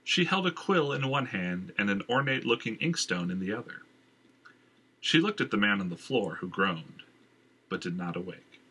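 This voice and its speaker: A man's voice: lowish voice, expressive, moderate pace, pushed and bright, husky. A man narrating a fantasy novel aloud in a casual read, dropping in filler ums. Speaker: audiobook reader. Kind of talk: fiction narration.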